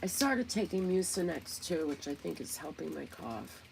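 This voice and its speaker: A woman's voice: sits low, sing-song, moderate pace, creaky, darkish tone, slight background noise. A woman hosting a casual commentary vlog, talking in a chatty, indignant, gossipy way. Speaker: commentary channel host.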